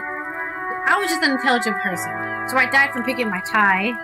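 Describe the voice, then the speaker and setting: A woman's voice: a little high, rough recording. A woman streamer giving casual, chatty gameplay commentary and reading choices aloud.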